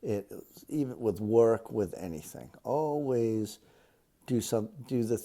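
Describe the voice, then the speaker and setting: A fifty-year-old man with a Boston accent, reading a passage and answering interview questions with many ums and pauses. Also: lowish voice, lively intonation, mellow. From Cape Cod, Massachusetts. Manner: hesitant, many ums and uhs.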